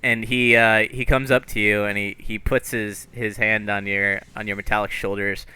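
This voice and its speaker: A man running a tabletop game as game master, narrating in a halting way with restarts. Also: fairly low pitch, flat delivery, pushed and bright, clear, resonant tone. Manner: halting, with many restarts and fillers.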